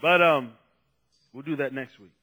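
A male pastor preaching a sermon in an emphatic way, often urging "listen" and moving from soft talk to shouting. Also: on the high side, measured pace.

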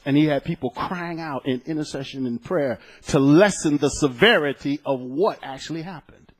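A man preaching a sermon as pastor, telling a personal story, swinging between loud exclaiming and soft, hushed storytelling. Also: fairly high pitch, normal speed, husky.

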